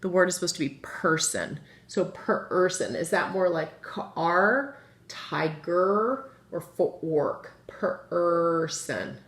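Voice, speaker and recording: A woman teaching young children a phonics lesson, slowly drawing out word sounds and asking the class questions. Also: lowish voice. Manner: slow, drawn-out sounding of words; lively, encouraging, asks the children questions. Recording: echoey room with faint noise.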